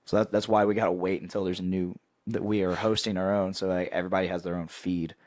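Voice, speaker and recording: A young man hosting a podcast in casual chat, pitching with excitable hype and laughing often. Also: fast, dry recording, clean studio sound. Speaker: podcast host.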